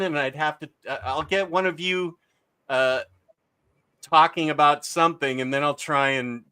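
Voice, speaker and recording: A man's voice: a little high, pushed and bright, clean tone. A man hosting a casual livestream, rambling and reading chat comments aloud with lots of filler. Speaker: livestream host.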